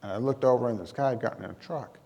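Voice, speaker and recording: Gravelly man telling a funny story. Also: medium pitch, very fast, big-room sound. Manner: lively, self-deprecating, with comic timing. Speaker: emergency manager giving a talk. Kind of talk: humorous personal storytelling to an audience.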